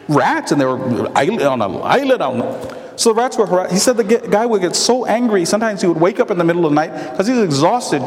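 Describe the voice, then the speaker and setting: A man preaching a sermon to brothers and sisters, telling a story with animated quoted voices. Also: high voice, long reverb tail.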